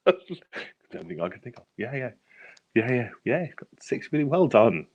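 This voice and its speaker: A man's voice: medium pitch, very animated, moderate pace, pauses often, muffled recording, a little hiss or hum. A British man co-hosting a casual chat show who laughs a lot and tells anecdotes. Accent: British English. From England. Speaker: podcast co-host.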